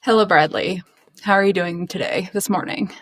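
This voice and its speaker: A woman's voice: lowish voice, steady tone, normal speed, a bit bright. A young woman co-hosting a podcast, chatting casually, teasing and laughing often. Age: young adult. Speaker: podcast co-host. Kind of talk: casual pop culture chat.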